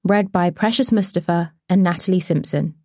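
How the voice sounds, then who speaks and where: A woman reading an audiobook in measured, deliberate scripted narration. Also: fairly low pitch, warm tone, dry recording, studio quality.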